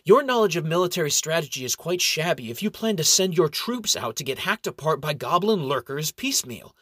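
A feisty little gnome monk with a quick temper and a sarcastic bite, as a man puts him on. He talks dry and close, with no room around the voice, and picks at everyone around him. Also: a little high, animated, a bit bright, no room sound, voice pushed up. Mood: heated. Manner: needling, sarcastic retorts. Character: tiny hot-tempered gnome monk, male, argumentative.

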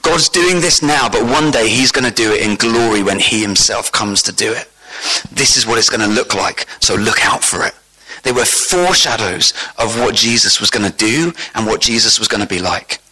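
A man delivers a sermon with a bright, forceful voice. He preaches in an animated way, climbing in pitch and volume to drive points home and putting questions to the congregation. His voice sits in an ordinary middle register for a man. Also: slightly rough, rough recording.

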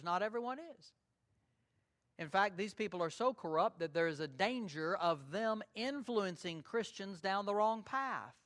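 A man's voice: sits high, fairly bright tone. A man preaching a sermon in an earnest way, repeating key phrases for emphasis.

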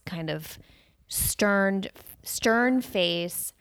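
A woman's voice: medium pitch, measured pace. A woman co-hosting a podcast, chatting casually and telling stories animatedly, acting out what people said. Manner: animated storyteller who acts out quotes. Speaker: podcast co-host. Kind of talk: casual chat recapping a dating show.

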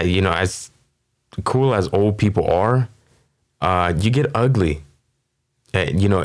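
A man hosting a comedy podcast, riffing casually with a rambling, profane delivery full of fillers. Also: low voice. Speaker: podcast host.

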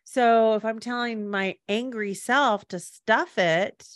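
A woman's voice: fairly high pitch, takes it slowly, dry recording, clean studio sound. A woman co-hosting a podcast who speaks supportively and explains ideas in reflective conversation. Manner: supportive, explains ideas, acts out her own inner voice. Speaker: podcast co-host.

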